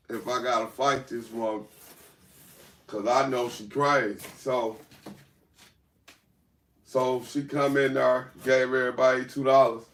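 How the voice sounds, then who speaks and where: Slow-talking man telling a story in an echoey room. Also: mid-range voice. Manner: profane, animated, rambling. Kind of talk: casual storytelling. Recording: echoey room, far from mic, faint noise.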